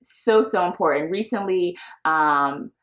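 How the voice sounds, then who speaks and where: A woman's voice: fairly low pitch, unhurried. Upbeat woman in her 30s hosting a podcast, chatty and encouraging, laughs a lot. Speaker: podcast host. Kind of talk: casual solo podcast talk.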